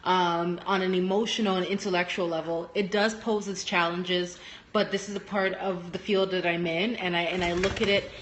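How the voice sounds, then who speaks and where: A young woman who works as a teacher, talking casually on a phone live stream at home, telling lively stories and acting out what people said. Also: moderate pace. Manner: animated storytelling, acting out quotes with big pitch jumps.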